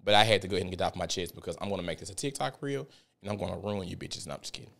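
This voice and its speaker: A man's voice: sits low, animated, racing, creaky, a bit bright. A man hosting a podcast, telling stories and ranting in a heated, profane, emphatic way. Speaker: podcast host. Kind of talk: casual ranting monologue.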